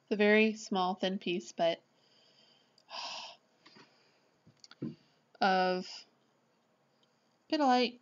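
Excitable woman gushing over a haul. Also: medium pitch, extremely slow, pauses often, smooth, dull audio. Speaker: vlogger. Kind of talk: casual unboxing chat.

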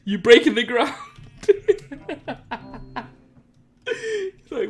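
A young man giving excitable, laugh-filled commentary as he hosts a video of his own game prank. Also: extremely high pitch, very slow, pauses often. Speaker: Minecraft trolling video host. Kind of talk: casual gameplay commentary. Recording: faint music behind.

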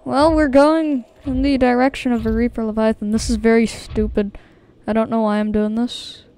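A woman's voice: fairly high pitch, level tone, normal speed, warm tone. A woman commentating her own gameplay, easily startled, nervously repeating herself and talking straight to her viewers. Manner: talks to her viewers directly. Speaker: video game streamer. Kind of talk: let's-play gameplay commentary.

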